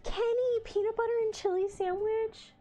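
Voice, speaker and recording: A woman's voice: extremely high pitch, steady tone, normal speed, warm tone, soft background music. A woman hosting a livestream in casual chat, reading the live chat aloud with playful teasing and frequent laughter. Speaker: livestream host.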